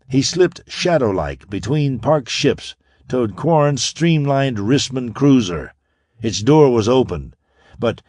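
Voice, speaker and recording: A man narrating a pulp science fiction audiobook with steady, dramatic storytelling. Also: medium pitch, dry recording, studio quality. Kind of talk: scripted narration.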